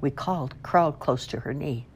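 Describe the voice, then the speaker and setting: A woman reading a story aloud in an unhurried storybook narration. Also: low-pitched, slight background noise.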